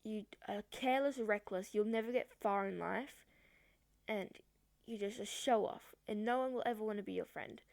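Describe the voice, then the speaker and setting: A woman's voice: medium pitch, moderate pace, creaky, darkish tone, dry recording, natural voice. A woman voicing a harsh old male substitute teacher who scolds and insults a pupil. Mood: scolding.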